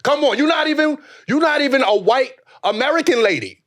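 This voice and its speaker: Man, podcast host, casual comedy talk, high voice, big pitch swings, profane joking rants. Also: expressive, a little fast, fairly bright tone.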